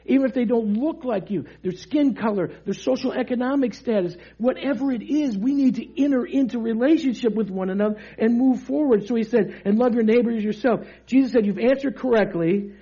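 High-voiced joking preacher. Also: male voice, slightly rough, lo-fi sound. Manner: lively, joking, call-and-response preaching. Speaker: pastor. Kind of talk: sermon.

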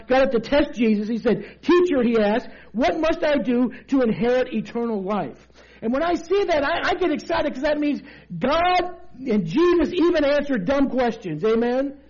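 Man, pastor, lively call-and-response sermon, very high voice, muffled recording.

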